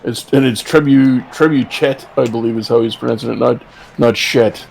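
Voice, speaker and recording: A man's voice: medium pitch, fairly even intonation, fairly quick, gravelly, dark tone, a little hiss or hum. A man joining as guest co-commentator, bantering casually and teasing the host in a wry way.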